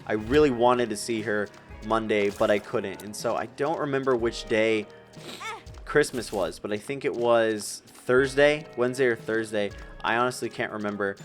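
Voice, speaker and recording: A young man of eighteen talks through a personal story in a loose, rambling way, his voice sitting a little low. He gets emotional and close to tears at points, with faint music playing underneath. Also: moderate pace. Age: young adult. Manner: rambling, emotional, tearing up with nervous laughs. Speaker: streamer telling a personal story. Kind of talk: casual storytelling while gaming.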